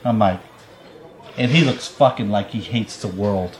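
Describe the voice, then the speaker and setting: A man's voice: on the low side, unhurried. A man casually telling a long story on a podcast, rambling, swearing and laughing often.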